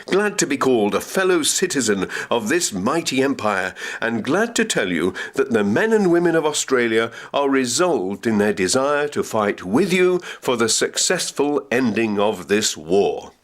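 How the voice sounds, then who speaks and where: A man's voice: medium pitch, sing-song, moderate pace, few pauses. A man narrating a local history documentary, reading quotations with dramatic emphasis.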